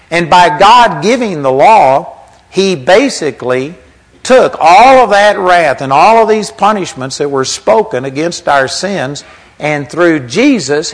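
A man's voice: fairly high pitch, rough recording. A man preaching a sermon in a conversational teaching manner, reading scripture aloud as he goes.

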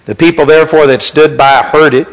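A preacher man with a slightly raised pitch delivers a sermon. He talks in an easygoing, conversational teaching manner and reads scripture aloud along the way. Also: steady tone, brisk, rough recording.

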